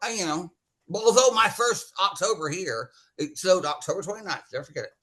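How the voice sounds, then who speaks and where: A man's voice: high voice, brisk, slightly rough. A man co-hosting a podcast, ranting and joking. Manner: animated, ranting, jokey. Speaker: podcast co-host. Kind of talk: casual chat.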